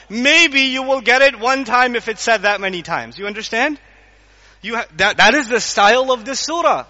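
Guy lecturing on the quran, super animated, acts stuff out, asks the crowd questions, dull lo-fi sound. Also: very high voice, long reverb tail. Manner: animated, acts out scenes and quizzes the audience. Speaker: Islamic lecturer. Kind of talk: lively Quran lecture to a live audience.

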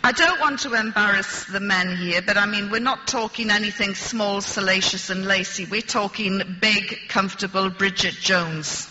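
A woman's voice: mid-range voice, normal speed, few pauses, pushed and bright, big-room sound, highs cut off, a little hiss or hum. A woman telling a story to an audience with dry, wry humor. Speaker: speaker addressing an audience. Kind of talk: storytelling talk.

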